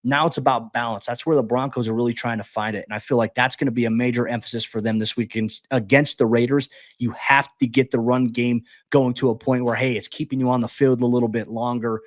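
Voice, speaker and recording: A man talks football at a brisk clip, previewing a game as a podcast co-host. His delivery is animated and full of quick restarts and "hey" asides. The sound is dry and close, with little room tone. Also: mid-range voice, no room sound. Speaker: beat reporter and podcast co-host. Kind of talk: sports podcast preview talk.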